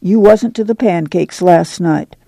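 A man voicing a determined middle-aged farm mother, talking firmly and briskly. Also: high-pitched, gravelly, dark tone, dry recording, clean studio sound, full character voice. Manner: firm, brisk, commanding.

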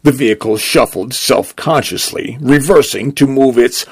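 A man reads a story aloud at an unhurried pace, his voice gravelly and husky. His pitch rises and falls with lively expression. The sound is close and dry, with no room around it. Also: no echo. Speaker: narrator. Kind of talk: storybook narration.

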